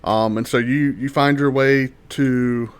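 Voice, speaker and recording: Male game master, mid-range voice, halting delivery with many fillers, heard over a voice call. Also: medium pitch, fairly even intonation, clean tone. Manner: halting, full of ums and restarts. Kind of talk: narrating a tabletop game.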